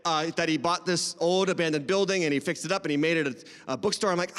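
A high-voiced man from New England preaches in an emphatic, conversational way, with light humor and direct asks to the people in the pews. His voice rings out through a church sanctuary with a long reverb trailing each phrase. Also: fairly even intonation, fast talker, hardly any pauses, a bit bright, smooth. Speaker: pastor. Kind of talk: sermon.

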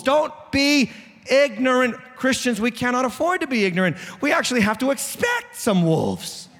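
A man's voice: extremely high pitch, a bit bright. A man pastor with a New England accent preaching a sermon, direct and joking with the congregation. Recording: echoey hall.

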